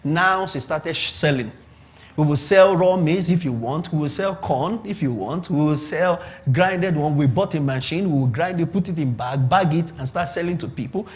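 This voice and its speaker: Nigerian man, pastor, middle-aged, emphatic sermon, high voice, lively swings in pitch. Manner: emphatic, repeats points and asks the audience to confirm. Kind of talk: sermon teaching on business.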